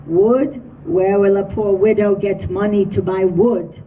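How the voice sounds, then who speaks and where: A woman's voice: medium pitch, fairly even intonation, a little slow, mellow, slight background noise, pitched below the performer's own voice, natural voice. A woman voicing a sick, fretful old widow. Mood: worried. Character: sick poor old widow in bed, wary and plaintive. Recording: dull distant room recording.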